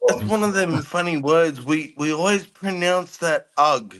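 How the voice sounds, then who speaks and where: A man bantering on a livestream panel, taking his time with each phrase. His teasing comes out in an unhurried, easy drawl. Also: on the high side. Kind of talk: casual chat.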